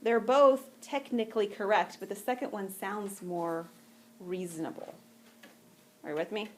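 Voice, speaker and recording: A woman teaching a math class, her voice mid-pitched and easygoing as she explains step by step and keeps asking if the students are with her. The room is a classroom with a faint hiss of noise behind her. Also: unhurried, darkish tone. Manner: patient, conversational, checks in with students often. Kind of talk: classroom lecture.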